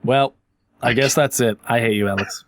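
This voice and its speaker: A man's voice: medium pitch, moderate pace, no echo, studio quality. A man hosting a casual podcast, swearing freely and mock-insulting his co-host for laughs. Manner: profane, joking, mock-insulting. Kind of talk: casual chat.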